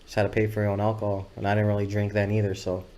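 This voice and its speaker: A man telling stories as a podcast guest, laid-back and rambling, swearing freely and filling pauses with "uh" and "you know what I'm saying". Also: lowish voice, monotone, warm tone, highs cut off. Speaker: music video director, podcast guest. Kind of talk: casual storytelling interview.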